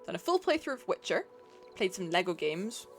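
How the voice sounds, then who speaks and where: A woman's voice: medium pitch, sing-song, normal speed, faint music behind. A woman streaming a video game, chatting casually, reacting to the game and greeting viewers in a playful, self-deprecating way. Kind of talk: casual gameplay commentary.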